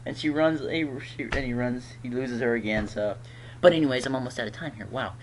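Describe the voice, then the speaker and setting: A man's voice: mid-range voice, fairly quick, a little hiss or hum. A man giving a casual, rambling episode recap, chatty and laughing often. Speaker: TV episode reviewer.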